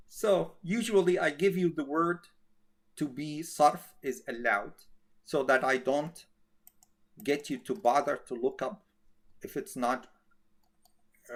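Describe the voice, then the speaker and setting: Male teacher, slow, patient, checks understanding often. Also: medium pitch. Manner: slow, repetitive, checks with "okay?". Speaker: Arabic grammar teacher. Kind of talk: classroom grammar lesson.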